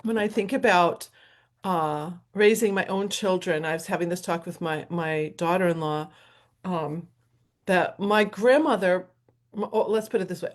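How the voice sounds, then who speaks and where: A middle-aged woman hosting her show, talking in a casual, rambling solo monologue with frequent laughs. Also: fairly low pitch. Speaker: host and professional violinist.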